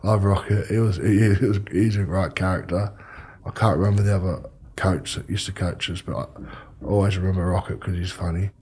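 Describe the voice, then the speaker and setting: A man's voice: deep voice, steady tone, fairly quick, a little mellow, husky. A man with an Australian accent, a former rugby league player, telling rambling stories and swearing freely in casual chat.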